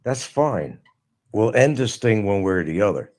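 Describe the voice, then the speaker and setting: A man's voice: on the low side, very animated, normal speed, a little mellow. A middle-aged man hosting a live stream, talking casually and mocking someone with sarcasm. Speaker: livestream host. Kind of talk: casual livestream monologue.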